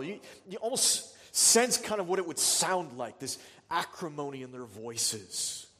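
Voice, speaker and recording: A man's voice: fairly high pitch, fairly bright tone, long reverb tail. A man preaching a sermon as a pastor, earnest and full of rhetorical questions.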